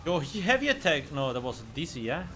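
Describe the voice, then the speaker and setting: A man's voice: on the high side, big pitch swings, quick pace, loud music behind the voice. A man streaming a video game, chatting casually in a blunt, profane and joking way. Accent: German. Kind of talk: casual live-stream commentary.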